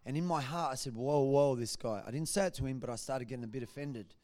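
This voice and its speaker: A man giving a church testimony, telling his story in a lively way and acting out what people said. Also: mid-range voice, fast. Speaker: guest speaker giving testimony.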